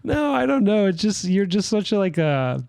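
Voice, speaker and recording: A man with a fairly high but mellow, relaxed voice trades crude jokes in a podcast chat and laughs often. The recording is dry and close-miked. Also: normal speed, creaky, no room sound. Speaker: podcast co-host. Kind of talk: casual podcast banter.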